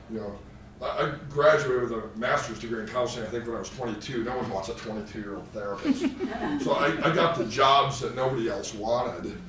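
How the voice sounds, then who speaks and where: A man's voice: mid-range voice, fairly bright tone. A man giving a live therapy training lecture, with joking, self-deprecating asides. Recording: echoey room, distant mic, faint noise.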